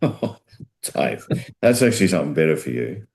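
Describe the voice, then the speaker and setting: A man's voice: rumbling low, very animated, normal speed, gravelly, a little mellow. A man with an Australian accent co-hosting a sports show, telling a joke in a rambling way with restarts and self-corrections. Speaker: co-host.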